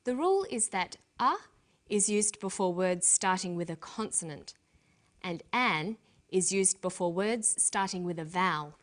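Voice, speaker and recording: A woman presenting a scripted English lesson, explaining grammar clearly and deliberately, slowing down for example words. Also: lowish voice, animated.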